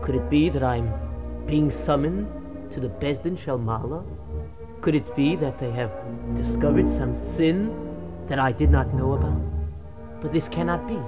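Anxious elderly prophet, low earnest voice, a woman doing it; music behind. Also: moderate pace, pauses often, natural voice. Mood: worried. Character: worried elderly male prophet.

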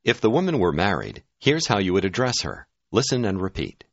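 A very deep male voice leads a language lesson, his pitch swinging widely as he prompts each phrase in a clear, measured way. The sound is dry and close, with a dull, lo-fi tone. It is scripted instructional narration. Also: huge pitch swings, dry recording. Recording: dull, dry studio audio.

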